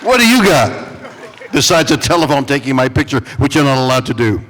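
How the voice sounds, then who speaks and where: A man in his eighties, a celebrity guest at a fan convention, tells stories with dramatic pauses and playfully teases fans. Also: medium pitch, sing-song, fairly bright tone, a faint crowd. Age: 80s. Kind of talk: animated storytelling on stage. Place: large convention hall. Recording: long hall reverb from a convention stage.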